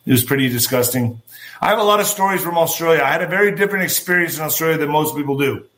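A man's voice: on the high side, animated, rapid-fire, fairly bright tone. A man hosting a show, telling rambling personal stories and commenting on a news item, talking straight to his listeners. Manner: rambling, anecdotal, talks straight to listeners as folks. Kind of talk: casual storytelling and news commentary.

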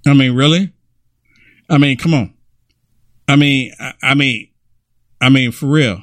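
A man's voice: medium pitch, measured pace. A man giving casual reaction commentary on political clips, ranting and repeating "I mean" as he talks.

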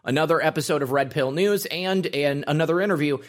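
A man's voice: on the high side, a little fast. A man hosting a live political stream, casually reading out viewer comments with frequent fillers. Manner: rambling, reads names with fillers.

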